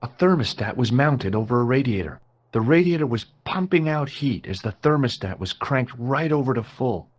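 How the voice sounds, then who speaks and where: Actor playing a dry hero, sarcastic, animated pitch, game narration. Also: male voice, normal speed, close to an everyday voice. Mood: wry. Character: wry American tourist-detective hero.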